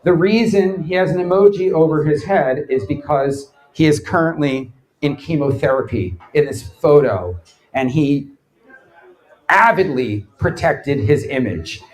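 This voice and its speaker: A man's voice: fairly high pitch, a little slow, rough recording. A man giving a comic live lecture to an audience, telling stories and mimicking the people in them. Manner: animated storyteller, mimics others' voices. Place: bar event space before a live audience.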